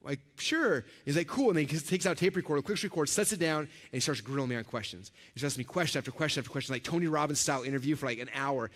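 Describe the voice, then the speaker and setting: A man giving a storytelling keynote at a conference. He talks in an animated way and acts out the voices of the people in his stories. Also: fairly high pitch, very fast, hardly any pauses. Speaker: conference speaker. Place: large event hall with a live audience. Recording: reverberant hall recording.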